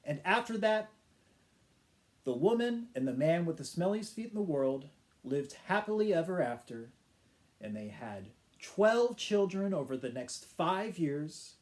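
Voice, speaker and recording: Brief: man teacher reading a funny tale slowly, mellow and warm, with playful sound effects. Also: sits high. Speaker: English teacher. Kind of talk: children's storytelling for English learners.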